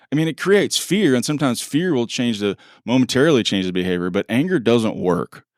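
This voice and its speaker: This middle-aged man speaks at a medium pitch and a little fast, co-hosting a podcast of casual conversational storytelling. He performs quoted dialogue with lots of energy and frequent laughter, and the sound is dry and clean, like a studio.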